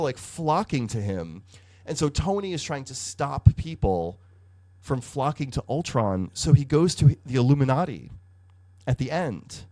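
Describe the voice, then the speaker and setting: Male podcast co-host, lively sing-song delivery, profane and chatty. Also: mid-range voice. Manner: animated, profane storytelling with hedging fillers. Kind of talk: casual comic book review chat.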